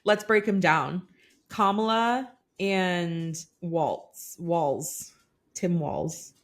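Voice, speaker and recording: A woman's voice: fairly low pitch, drawn-out words. A young woman co-hosting a podcast, chatting casually and gushing with frequent giggles. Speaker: podcast co-host. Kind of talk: casual chat.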